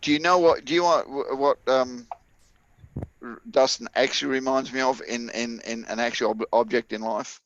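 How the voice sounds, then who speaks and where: A man's voice: medium pitch, steady tone, normal speed, lo-fi sound, a little hiss or hum. A man in casual chat with friends, blunt and joking, swearing freely. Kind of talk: casual late-night chat.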